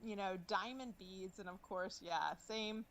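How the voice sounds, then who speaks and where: A woman's voice: mid-range voice, unhurried, fairly bright tone, a little hiss or hum. A woman hosting a casual conversation, upbeat and chatty with lots of filler words.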